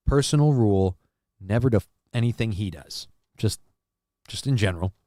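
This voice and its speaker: A man's voice: medium pitch, fairly bright tone, dry recording, clean studio sound. A man hosting a casual live-stream show, reading chat messages aloud and riffing on them in a crude, joking, rambling way.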